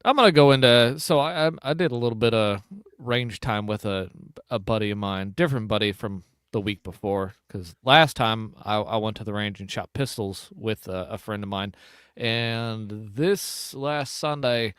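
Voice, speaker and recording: A man's voice: on the low side, moderate pace, a bit bright, clean tone, no room sound, studio quality. A middle-aged man hosting a casual hunting podcast, rambling and often breaking off to restart his thoughts. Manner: rambling, self-interrupting. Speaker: podcast host. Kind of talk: casual chat.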